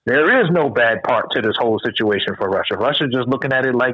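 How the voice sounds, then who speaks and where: An American man co-hosting a podcast, chatting casually, animated and slangy with lots of swearing. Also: medium pitch, fast, few pauses, dry recording. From United States. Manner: animated, profane, slangy storytelling. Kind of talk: casual chat. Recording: dull, dry, lo-fi sound.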